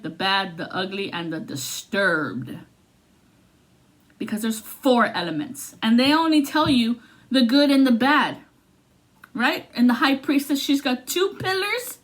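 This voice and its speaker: A woman giving a casual, profane tarot reading, swinging between loud outbursts and low muttering. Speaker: tarot reader.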